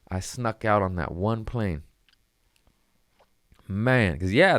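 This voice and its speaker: Man comedian, deep smooth voice, rambling profane storyteller, dry close sound. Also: no room sound. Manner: profane, rambling, laid-back. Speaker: stand-up comedian hosting his own show. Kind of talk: casual storytelling chat.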